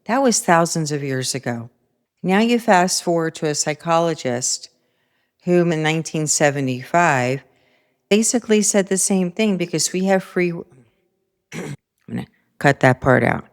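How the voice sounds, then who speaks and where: A middle-aged woman hosting a spiritual self-help talk, speaking calmly and reflectively and telling personal stories. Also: low voice, measured pace, long pauses. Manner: calm, reflective, personal storytelling. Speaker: host.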